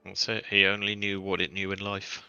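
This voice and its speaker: A man's voice: deep voice, completely flat delivery, brisk, creaky, sharp tone, smooth, no room sound, muffled recording. A man playing in a tabletop game, talking casually and reasoning things through. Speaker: player.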